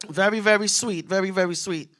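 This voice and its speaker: Brief: New woman stand-up, brash and animated, bright and sharp in tone, works the room directly. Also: medium pitch, a little fast. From Queens, New York. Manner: brash, animated, talks straight to the crowd. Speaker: stand-up comic. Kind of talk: stand-up comedy set. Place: comedy club stage.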